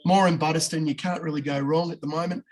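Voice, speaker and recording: Aussie bloke, fairly high voice, casual sweary punting chat with a co-host. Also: male voice, fairly even intonation. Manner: blokey, swears freely, talks fast with quick jumps in pitch. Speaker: podcast co-host giving racing tips.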